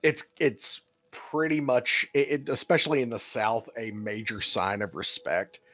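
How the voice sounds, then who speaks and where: A man's voice: mid-range voice, expressive, measured pace, pushed and bright. A man co-hosting a casual podcast, talking emphatically and laughing often. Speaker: podcast co-host. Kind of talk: casual chat.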